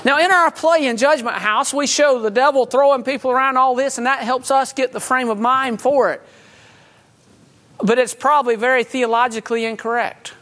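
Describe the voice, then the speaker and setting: A man's voice: very high voice, fairly even intonation, normal speed, bright, forceful tone. A middle-aged man preaching a sermon, mixing folksy stories and chuckles with urgent, earnest appeals. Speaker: pastor.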